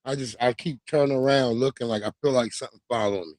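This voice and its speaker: A man telling a long, profane childhood story on his livestream in a streetwise, animated way. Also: mid-range voice, fast talker, no echo, studio quality. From New York. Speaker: livestream host. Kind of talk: casual storytelling.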